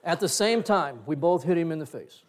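A middle-aged male pastor preaching a sermon, telling a story with animated swings and sudden loud bursts. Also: fairly high pitch, moderate pace, a little hiss or hum.

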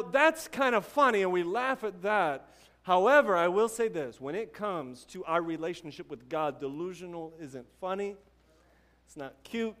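A young man with a noticeably high voice delivers a sermon. He keeps it conversational, drifting into casual asides and rhetorical questions to keep listeners with him. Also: fairly bright tone. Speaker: pastor.

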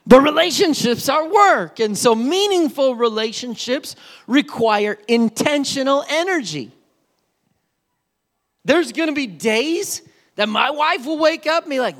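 A man preaching a sermon as pastor, animated and playful, with storytelling asides. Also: very high voice, measured pace. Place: church sanctuary.

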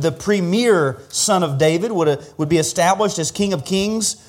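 A man's voice: high voice, a little mellow. A man preaching an expository sermon as pastor, earnest and teaching verse by verse, often repeating a word as he restarts.

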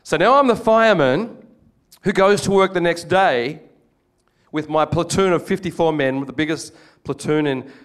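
Older Australian man, slightly high voice, animated storytelling sermon with humor. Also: moderate pace. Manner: animated storytelling with jokes, acts out quoted voices. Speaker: preacher.

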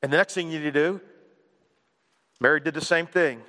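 High-voiced preacher man in a reverberant hall. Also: fairly quick. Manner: energetic, repetitive and joking. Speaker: pastor. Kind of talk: sermon.

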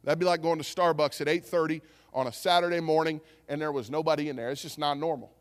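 Pastor, male, fairly high voice, lively storytelling sermon, long church reverb. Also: fast talker. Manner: storytelling, animated, acts out quotes. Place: church sanctuary.

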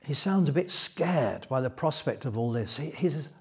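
A man preaching a Bible teaching sermon, retelling scripture in a lively storytelling way. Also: a little high, brisk, hardly any pauses, breathy edge.

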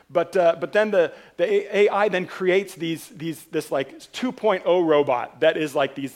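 A man preaching a sermon as pastor, telling a story in an animated way and driving points home with emphatic repetition. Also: fairly high pitch.

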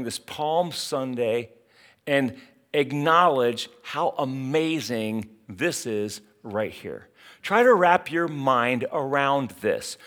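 A middle-aged man delivers a sermon in a slow, unhurried cadence. His voice rises and falls with wide, lively swings of pitch. He leans into rhetorical questions with emphatic, dramatic force. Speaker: pastor.

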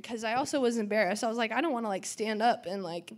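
Teen girl telling her church testimony, kinda high voice, tons of ums and likes. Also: fast talker. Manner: chatty, lots of "um" and "like", acts out quotes. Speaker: youth testimony speaker.

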